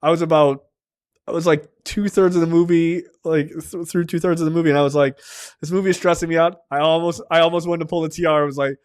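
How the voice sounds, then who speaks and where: A man chatting on a movie review podcast with a somewhat high voice. He retells the film scene by scene and slips into the characters' lines as he goes. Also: fast, smooth. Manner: animated storytelling, acts out quotes, swears freely. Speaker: podcast co-host. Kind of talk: casual movie review chat.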